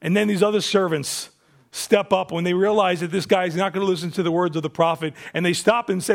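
A male pastor preaching a sermon, telling stories in an animated way and acting out the quotes. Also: sits high, fairly quick, gravelly.

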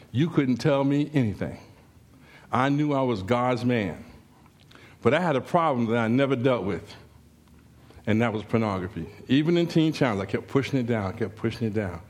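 A man preaching a sermon in a church, telling a story with humor and rising, animated exclamations. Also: mid-range voice.

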